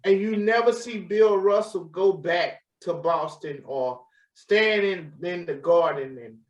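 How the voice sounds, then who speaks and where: A man's voice: high voice, measured pace. A man co-hosting a podcast, chatting loosely with many restarts. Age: adult parent. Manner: laid-back, rambling, frequent restarts. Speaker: podcast co-host. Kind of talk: casual chat. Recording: echoey, distant, muffled mic.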